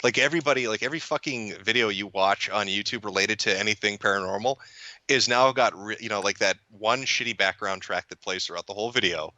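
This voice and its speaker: A man talking in a casual chat, blunt, sarcastic and profane, breaking into laughs as he goes. His lowish voice has a forceful, bright edge. The sound is dry and close, with no room around it. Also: fast, no echo. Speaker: podcast guest and commentator.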